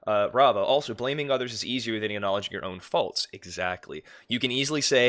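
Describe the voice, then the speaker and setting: A man's voice: lowish voice, a little fast, few pauses, a bit bright. A young man chatting casually on a livestream, rambling and swearing now and then. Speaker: streamer.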